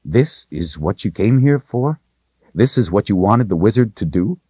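A man's voice: fairly low pitch, very animated, moderate pace, dark tone, breathy edge, no room sound, highs cut off, pitched above the performer's own voice. A man voicing a young male woodsman who is bewildered and wary, asking skeptical, rising questions.

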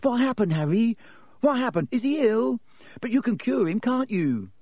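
A man voicing an eager young schoolboy who fires off breathless, high questions. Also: very animated, normal speed, dark tone, husky, no echo, highs cut off, exaggerated voice.

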